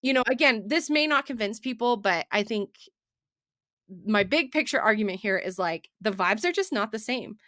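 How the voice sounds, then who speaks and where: In a casual podcast about books, a woman co-host speaks in an animated way, full of fillers and restarts. Her voice is a little high and her pace moderate, captured in studio quality with no echo.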